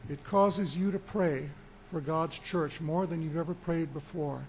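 A man preaching a sermon as pastor, with emphatic delivery and deliberate pauses that rise for emphasis. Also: a little high, steady tone, a little mellow, slight background noise.

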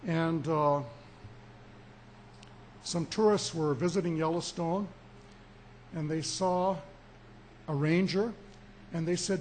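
A man preaching a sermon as pastor, with emphatic delivery and deliberate pauses that rise for emphasis. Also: fairly high pitch, fairly even intonation, a little mellow, slight background noise.

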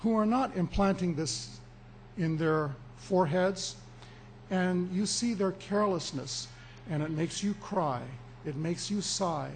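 Slow, high-voiced preaching man. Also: a little hiss or hum. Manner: emphatic preaching, slow deliberate pauses, rising for emphasis. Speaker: pastor. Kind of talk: sermon.

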